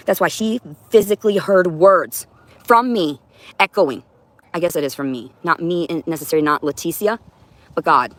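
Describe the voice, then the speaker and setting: A woman's voice: low-pitched, a bit bright. Intense profane woman livestreaming. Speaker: livestream host. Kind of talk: rambling livestream monologue. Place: indoors at home with a cat.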